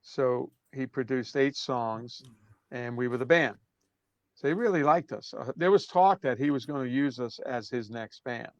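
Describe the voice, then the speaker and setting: A man in his sixties from Brooklyn with a New York accent, telling stories as an interview guest in a relaxed way that trails off softly. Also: mid-range voice, normal speed, no echo, dull audio. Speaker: drummer guest. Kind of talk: casual interview storytelling.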